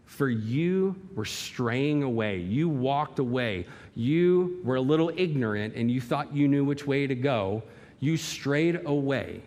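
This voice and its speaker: A man's voice: mid-range voice, lively intonation, slow, a little mellow. A male pastor preaching a sermon in a church hall, emphatic and full of rhetorical questions and vivid illustration.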